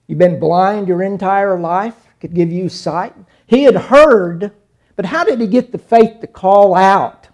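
A man preaching a sermon in a mellow, dark-toned voice that sits a little high. He is middle-aged and dramatic, dropping to near whispers and then rising to loud cries as he retells scenes. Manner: dramatic, acts out quoted figures with sudden loud cries and hushed lines.

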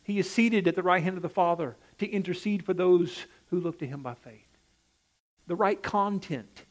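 At a moderate pace, a high-pitched male preacher gives a sermon. His emphatic delivery swells and drops, and he regularly addresses pointed questions to his listeners.

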